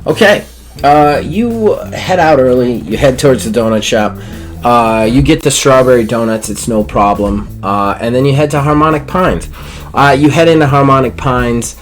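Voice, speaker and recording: A man's voice: mid-range voice, moderate pace, faint music behind. A man narrating a tabletop game as game master, rambling with many fillers and restarts.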